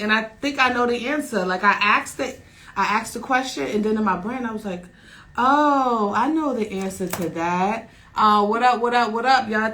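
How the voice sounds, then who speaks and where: A young woman hosting a casual radio talk show, loud and slangy with hype shout-outs. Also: a little high, low-quality recording.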